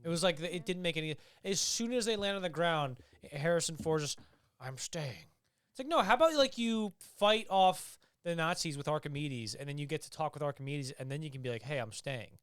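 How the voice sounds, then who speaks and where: A young man with a somewhat high, smooth, resonant voice chats on a podcast. He talks animatedly, swears freely and acts out scenes. The sound is close and dry. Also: a little fast, few pauses, no room sound. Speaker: podcast co-host. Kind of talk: casual chat.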